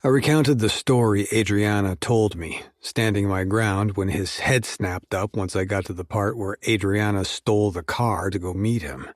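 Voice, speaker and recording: A man giving a measured, steady first-person audiobook narration. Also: fairly low pitch, no room sound, clean studio sound.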